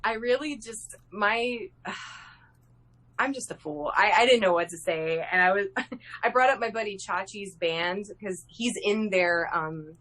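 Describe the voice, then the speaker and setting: A woman artist talking as a guest on a live video interview, excitable, swearing freely and laughing often. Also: mid-range voice, measured pace. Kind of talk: casual interview over a live video stream. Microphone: video call.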